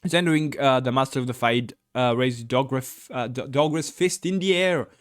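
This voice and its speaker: Here a gamebook let's-player with a mid-range voice reads his way through the book at a fairly quick clip. The commentary wanders, full of fillers and sudden swearing.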